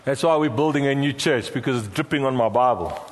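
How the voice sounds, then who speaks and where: A man's voice: medium pitch, a little fast, a little hiss or hum. A middle-aged South African man preaching a sermon as pastor, prompting the congregation to repeat phrases back to him. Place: large church hall. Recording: long hall reverb.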